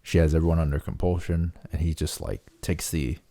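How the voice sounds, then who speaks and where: A man casually recapping a book for his channel, excited and full of "like" and "um". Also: extremely low pitch, brisk, no echo. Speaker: book reviewer.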